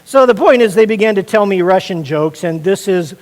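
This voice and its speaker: A male pastor preaches in a chatty, joking, storytelling way, often asking the room questions. His speaking voice sits fairly high. Everything carries a long reverb, as in a large hall. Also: animated, a little fast. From Indiana. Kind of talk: sermon.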